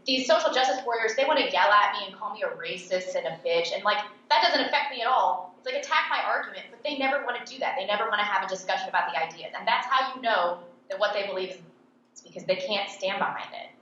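A woman who is a political commentator and podcast host, answering interview questions in a blunt, sarcastic and animated way. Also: medium pitch, fast, a little hiss or hum. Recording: echoey, dull-toned room recording.

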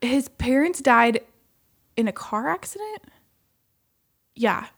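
A woman chats animatedly, her voice sitting a little high with a gravelly fry at the edges. She tells stories with lots of laughter and acts out what other people said. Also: takes it slowly. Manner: animated storyteller, laughs often, acts out quotes. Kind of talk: casual chat.

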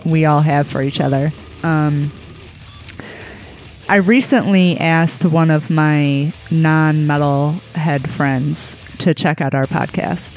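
A podcast host chatting casually in a soft, hesitant way. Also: mid-range voice. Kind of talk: casual chat.

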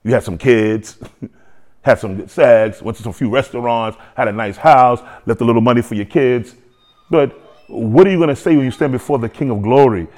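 A man preaching a sermon to a congregation, lively, with joking asides and repeated phrases. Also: mid-range voice, normal speed. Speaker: pastor.

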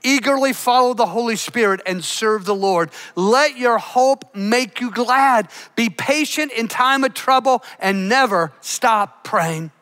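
An older man preaching a sermon as a pastor, swinging between emphatic lines and hushed ones. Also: very high voice, a little slow, hardly any pauses. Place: church.

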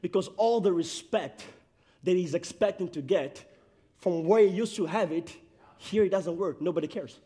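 A man's voice: high-pitched, moderate pace, warm tone. A man preaching a sermon in an emphatic way, raising his voice for emphasis.

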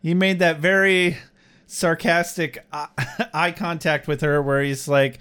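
A man's voice: on the high side, little pitch movement, measured pace, sharp tone, clear, resonant tone. A man co-hosting a casual podcast, recapping a TV episode. He tells stories animatedly, laughs often, and acts out what other people said. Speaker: podcast co-host.

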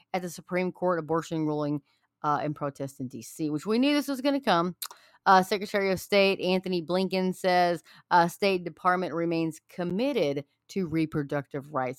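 A woman's voice: on the low side, animated, normal speed, dry recording, studio quality. A woman giving a heated, preachy rant to her viewers. She repeats her points over and over and speaks in an angry tone.

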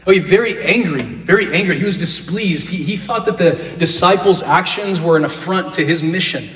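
A man's voice: sits high, a little fast, fairly bright tone. A man leading an interactive Bible lesson, asking the class questions and repeating key phrases. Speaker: Bible teacher. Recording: roomy echo, distant mic.

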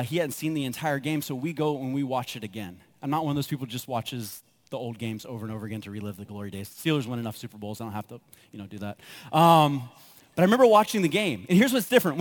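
A man preaching a sermon as pastor, telling personal stories and acting out his own reactions with lively energy. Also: on the high side. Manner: animated storytelling, acts out his own reactions.

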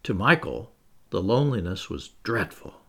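Animated male storybook narrator. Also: on the low side, moderate pace, vocal fry, breathy edge. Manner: expressive, animated reading. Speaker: audiobook narrator.

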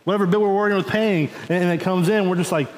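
A man's voice: high-pitched, fairly even intonation, fast, darkish tone. Man preaching in an echoey church hall. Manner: informal storytelling, often asks the congregation "right?" and says "y'all". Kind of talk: conversational sermon. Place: church sanctuary.

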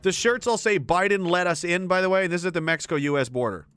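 A man's voice: high voice, sing-song, very fast, fairly bright tone, clear, resonant tone, no room sound. A man giving ranting political commentary, sarcastic and exasperated, with swearing.

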